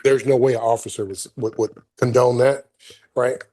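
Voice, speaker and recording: Husky man, easygoing. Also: medium pitch, steady tone, normal speed, a little mellow. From Helena, Arkansas, US South. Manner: easygoing, profane, laughs often. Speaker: podcast guest, military veteran. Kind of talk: casual podcast chat.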